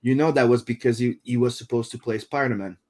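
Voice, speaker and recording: A man's voice: mid-range voice, fairly even intonation, quick pace, a little mellow. A man in casual chat on an online show, eager and a little breathless as he shares movie trivia. His voice sits in an ordinary middle range. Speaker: podcast co-host.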